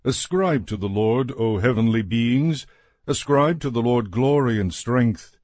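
A man reading scripture aloud in a measured, solemn way. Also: mid-range voice, darkish tone, no room sound, clean studio sound. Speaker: scripture reader.

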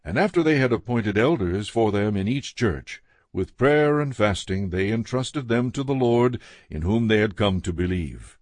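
A man giving a measured, steady reading of a Bible passage as scripted narration. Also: fairly low pitch, no room sound, studio quality. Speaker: scripture reader.

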